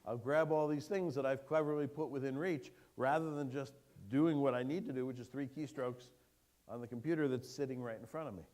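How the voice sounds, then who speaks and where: A man giving a keynote lecture to an audience, lively and engaging, putting questions to the room. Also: mid-range voice, a little fast. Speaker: keynote speaker. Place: lecture hall before an audience.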